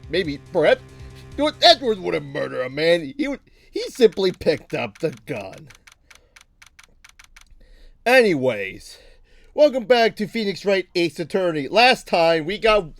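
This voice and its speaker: A man hosting a let's play, chatting casually and loudly, joking and swearing freely. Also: high-pitched, very animated, a little slow, pauses often, soft background music. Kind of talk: casual game commentary.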